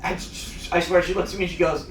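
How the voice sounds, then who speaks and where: A man's voice: high-pitched, fairly even intonation, fast talker, recorded from a distance, slight background noise. A young man from the Midwest doing a self-deprecating stand-up comedy set, chatting with the crowd on a club stage. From American Midwest. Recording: roomy live club sound, crowd laughter. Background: audience laughing.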